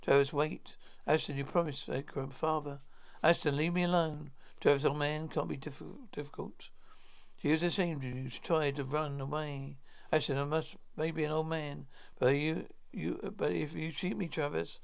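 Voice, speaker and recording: Male reader with a gravelly, somewhat high voice who plainly reads out a drama script, speaker names included. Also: fairly even intonation, moderate pace. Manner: announces each speaker's name before the line. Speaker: narrator reading all parts. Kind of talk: plain read-through of a script.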